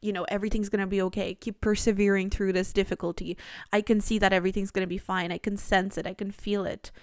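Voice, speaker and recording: A loving pet speaks to its owner in a soothing, encouraging way, voiced by a woman reading tarot cards. The voice sits at a plain middle pitch. It is recorded dry and close, with no echo. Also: level tone, fast, a little mellow, lightly acted.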